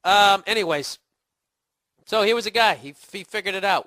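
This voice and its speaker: A middle-aged man with a Boston accent riffs through a comedic podcast monologue, profane and sarcastic. His voice is bright and forceful, sitting a little high. The sound is close and dry. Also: normal speed, dry recording. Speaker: podcast host.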